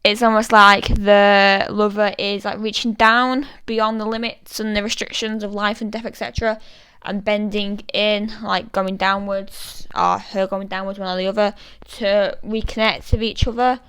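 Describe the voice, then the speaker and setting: A British woman talks through a poem in a relaxed, chatty way, with plenty of fillers. Her voice is very smooth and even, with little rise and fall. The sound is close and dry. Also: medium pitch, normal speed, no room sound, low-quality recording. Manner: thoughtful, chatty, many fillers. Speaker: literature explainer. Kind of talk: casual poetry analysis.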